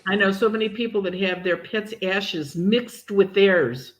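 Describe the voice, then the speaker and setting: A woman's voice: mid-range voice, measured pace. A woman co-hosting a casual chat, answering viewer questions as a medium and acting out voices in her stories. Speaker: psychic medium co-host.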